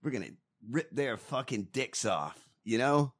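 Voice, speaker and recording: A man's voice: mid-range voice, sing-song, a little slow. A man co-hosting a podcast, ranting and mocking in casual, profane political banter. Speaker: podcast co-host.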